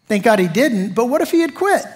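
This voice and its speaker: A man's voice: very high-pitched, big pitch swings, fairly quick. Man, middle-aged, pastor delivering a chatty, punchy sermon. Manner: conversational, emphatic preaching with rhetorical questions.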